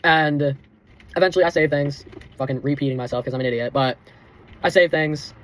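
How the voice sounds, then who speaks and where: A man's voice: on the high side, a little fast. A teenage boy telling a heated storytime rant, swearing constantly and calling the listener bro and dude. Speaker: vlogger.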